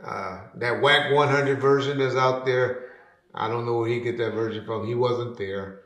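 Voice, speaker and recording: A man telling a story as an interview guest, casual and slangy, acting out other people's lines loudly and trailing off into low mutters. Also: moderate pace. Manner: animated, acts out quotes loudly; slangy, drops to a mutter at ends of phrases. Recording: roomy echo.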